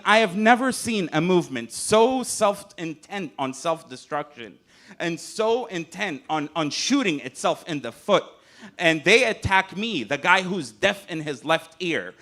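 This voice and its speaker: A man's voice: fairly high pitch, fairly bright tone. A man from Gaza speaking as a conference panelist, emphatic and urgent, repeating phrases to drive his points home. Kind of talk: impassioned panel remarks. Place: conference hall.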